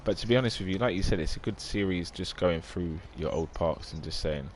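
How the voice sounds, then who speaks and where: A man's voice: low-pitched, brisk, hardly any pauses, a little hiss or hum. A man, chatting casually on a live game stream, rambling and reading out viewer comments.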